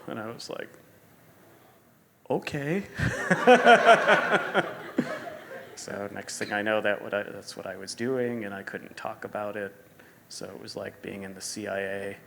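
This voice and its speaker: A middle-aged man, a sneaker designer as guest, telling animated stories at a live store interview and acting out quotes. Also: lowish voice, creaky, noisy background. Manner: animated storyteller, acts out quotes, laughs often. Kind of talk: live stage interview storytelling.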